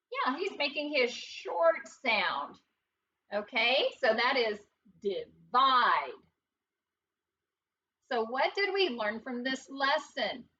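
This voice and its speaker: A woman teacher with a fairly high, bright voice leads a phonics lesson at an unhurried, careful pace. She sounds out letters and encourages the class. She is recorded from across the classroom, so the audio is distant and dull, with faint noise behind her.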